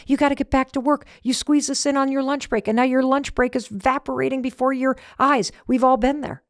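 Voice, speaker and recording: A middle-aged woman hosting a motivational talk, animated, asking rhetorical questions and acting out everyday scenes. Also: medium pitch, no echo, clean studio sound. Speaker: podcast host.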